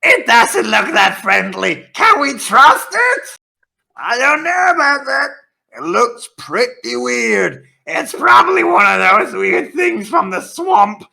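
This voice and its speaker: A man voicing a pack of shrill, squabbling little male imps who shriek greedily and bicker with each other. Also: sing-song, takes it slowly, gravelly, bright, forceful tone, exaggerated voice.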